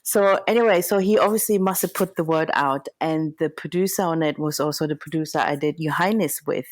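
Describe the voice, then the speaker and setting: Woman, low voice, dry close sound, chatty storyteller, podcast guest. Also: a little fast, no echo. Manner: animated, chatty, full of fillers and retold dialogue. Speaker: hair and makeup designer guest. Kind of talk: casual interview storytelling.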